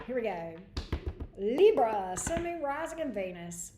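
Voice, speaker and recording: Woman, tarot reader, livestream reading, chatty, greets viewers, higher voice, echoey room. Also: lively intonation, moderate pace, warm tone, slight background noise.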